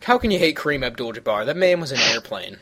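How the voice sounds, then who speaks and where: A man hosts a casual podcast chat, rambling from tangent to tangent. He swears freely in a loose, offhand way. His voice sits at an ordinary pitch for a man. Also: very animated, fast, bright, forceful tone, slightly rough. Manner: rambling, profane, jumps between tangents. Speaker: podcast host.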